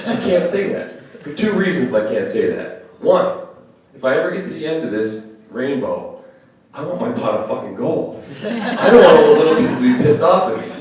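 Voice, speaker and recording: A young man performing a deadpan stand-up comedy set to a small audience. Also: a little high, moderate pace, highs cut off, crowd noise. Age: young adult. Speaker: stand-up comic. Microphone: phone camera across the room. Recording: distant echoey phone video of a club set. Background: audience laughter.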